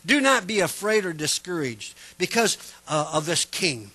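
A man preaching a folksy, chatty sermon full of personal stories, growing loud when he gets fervent. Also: high-pitched, sing-song, normal speed. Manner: folksy, chatty, repeats "you know what I'm saying".

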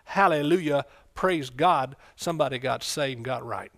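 A man preaching a folksy sermon in church, breaking into loud excited bursts. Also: mid-range voice, moderate pace, no echo. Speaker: pastor.

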